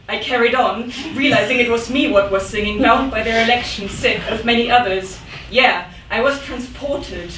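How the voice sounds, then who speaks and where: A woman's voice: fairly high pitch, moderate pace, hardly any pauses, fairly bright tone, slight background noise. A woman poet giving a live reading in a rhythmic, dramatic manner with sudden outbursts. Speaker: poet reading her work. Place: event room. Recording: echoey room, mic at a distance.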